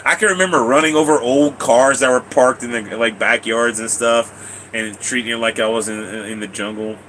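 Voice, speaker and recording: A man's voice: medium pitch, normal speed, a bit bright, a little hiss or hum, rough recording. A man live streaming, telling long rambling stories to his chat, repeating himself, laughing and swearing casually.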